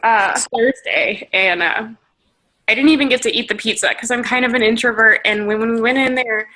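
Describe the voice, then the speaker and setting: A woman's voice: fairly high pitch, normal speed, sharp tone, low-quality recording. A woman leading a team video call, giving an emotional motivational pep talk in a shaky, tearful, gushing way.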